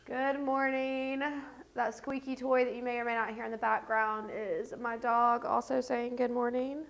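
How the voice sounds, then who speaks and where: A woman's voice: on the high side, level tone, normal speed, creaky. A woman with a stuffed-up, scratchy congested voice hosts a casual get-ready-with-me makeup livestream from her home set. She rambles with lots of fillers while doing her makeup.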